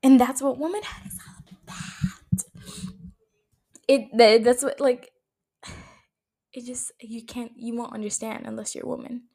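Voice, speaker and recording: Hosting her own casual solo podcast, a twenty-something woman speaks in a mid-range, slightly mellow voice. Her chatter is emphatic, laced with free swearing and constant "like" and "bro".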